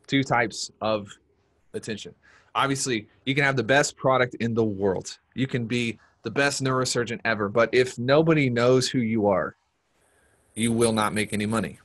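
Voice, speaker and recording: A man leads a live marketing seminar, speaking at an ordinary mid pitch. He talks with energy and hammers his points home by saying them twice. His voice stays plainly conversational as he coaches the room. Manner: energetic, repeats key points for emphasis. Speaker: marketing workshop presenter. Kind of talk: live-streamed business seminar talk.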